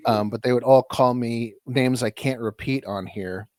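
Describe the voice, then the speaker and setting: A man's voice: medium pitch, normal speed, a little mellow, no room sound, clean studio sound. An American man co-hosting a podcast in casual chat, joking and laughing at himself, often restarting his sentences. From United States. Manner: laughing, self-deprecating banter with many restarts. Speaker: podcast co-host.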